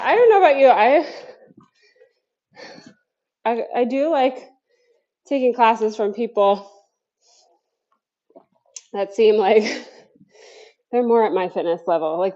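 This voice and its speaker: A woman's voice: medium pitch, warm tone, lo-fi sound. A woman coaching a home workout class, counting down cues and chatting between sets while out of breath. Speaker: fitness instructor. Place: home basement.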